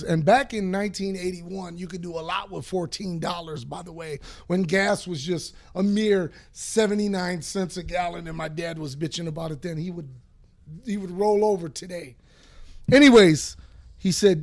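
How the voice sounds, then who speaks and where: A man in his fifties hosting a podcast, telling a long profane story in a rambling, animated way. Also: sits high, normal speed. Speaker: podcast host. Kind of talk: casual storytelling.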